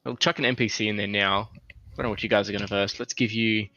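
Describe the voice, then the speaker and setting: Young guy explaining the game setup, patient and hesitant, lowish bright voice, bit dull with music behind. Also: fairly even intonation, quick pace, no echo. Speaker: game master. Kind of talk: explaining game software rules. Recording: slightly dull, faint music.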